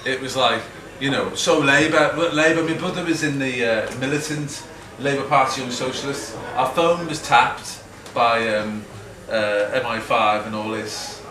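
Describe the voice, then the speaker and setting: A man's voice: mid-range voice, a little slow, few pauses, crowd noise. A middle-aged man with a Liverpool accent, telling rambling, self-mocking stories to an audience and acting out quotes. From Liverpool, England. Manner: chatty, self-mocking, acts out quotes, laughs often. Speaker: guest speaker. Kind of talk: rambling anecdotal talk to an audience. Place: event hall with a live audience. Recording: echoey hall, mic from far off, background noise.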